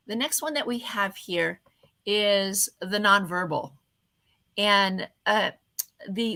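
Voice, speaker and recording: A woman hosting an online event and giving a motivational talk on communication, changing her voice often and slowing down on purpose, speaking into a webcam at her computer. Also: medium pitch. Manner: expressive, varies her voice often, slows down on purpose.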